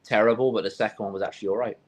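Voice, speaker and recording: A man co-hosts a casual film podcast, his voice on the low side, steady in tone, a little mellow, and racing along. He chats casually, telling rambling stories with restarts and quoting his own reactions.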